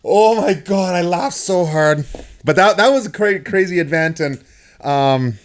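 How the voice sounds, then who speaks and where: A middle-aged man hosting a podcast, telling stories in a casual, animated way and laughing often. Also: high-pitched, unhurried. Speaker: podcast host. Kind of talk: casual storytelling chat.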